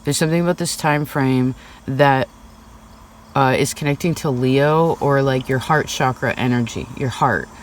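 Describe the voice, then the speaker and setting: A man's voice: medium pitch, moderate pace. Chatty, rambling man reading tarot. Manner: rambling and chatty, full of "like" and "right?". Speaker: tarot reader. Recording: slightly distant mic.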